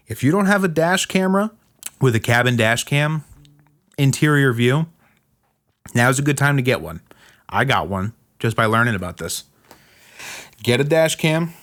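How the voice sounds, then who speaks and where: A man's voice: medium pitch, expressive, a little slow, pauses often, a bit bright. A man hosting a podcast, giving blunt, emphatic step-by-step advice in a casual monologue. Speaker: podcast host.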